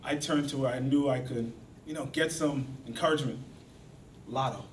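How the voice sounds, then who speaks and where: A man's voice: mid-range voice, normal speed, slight background noise. A man giving a storytelling speech at a speaking club, acting out the voices of the people in his tale. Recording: echoey hall from far off.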